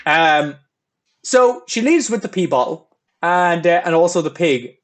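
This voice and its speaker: A man hosting a casual film review podcast, talking in an animated way. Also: a little high, unhurried. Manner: animated, acts out scenes. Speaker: podcast host.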